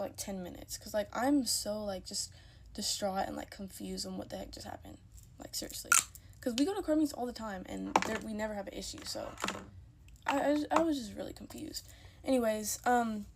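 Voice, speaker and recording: A woman's voice: medium pitch, creaky, background noise. A young woman telling a story in a casual, emphatic way, repeating herself when worked up.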